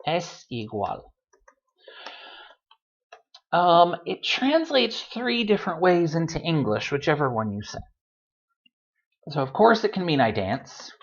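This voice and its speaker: Chatty man teaching with a lively voice. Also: a little high, takes it slowly, pauses often, dull audio. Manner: relaxed, chatty, with dry joking asides. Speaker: Spanish teacher. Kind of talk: recorded language lesson. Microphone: computer microphone.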